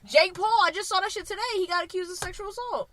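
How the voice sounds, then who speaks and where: A young woman co-hosting a podcast, chatting casually and animatedly, swearing freely and acting out quotes in a loud voice. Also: very high voice, fast, very noisy. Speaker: podcast co-host. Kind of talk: casual chat.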